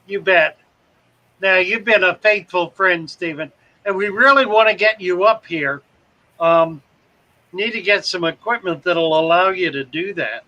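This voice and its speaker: A livestream host with a high, pushed, bright voice speaks a little slowly. He greets viewers by name, reads their comments, and rambles casually with self-deprecating jokes. The audio is dull.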